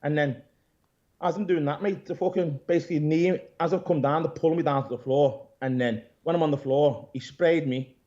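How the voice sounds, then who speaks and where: A man, an interview guest who owns a gym, retelling events in a rambling, animated way, swearing and calling people "mate". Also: on the high side, moderate pace. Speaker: interview guest, gym owner and pro bodybuilder. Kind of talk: casual storytelling interview. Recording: dull lo-fi audio.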